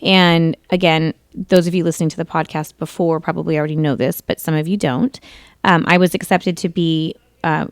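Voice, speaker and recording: A woman radio host in her thirties tells a long personal story on talk radio, chatty and meandering, often correcting herself and laughing. Her low voice is smooth and clear, recorded dry and close with no echo.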